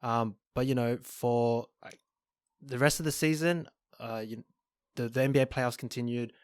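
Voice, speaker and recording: A man co-hosting a sports podcast, talking in a measured way with frequent pauses and restarts. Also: medium pitch, smooth, no echo, clean studio sound. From Australia. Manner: measured, hesitant, lots of ums and restarts. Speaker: podcast co-host. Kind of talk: casual chat.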